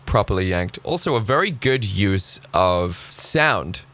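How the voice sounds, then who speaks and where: A man giving sarcastic, animated commentary as he reacts to clips on his channel. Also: sits low, unhurried.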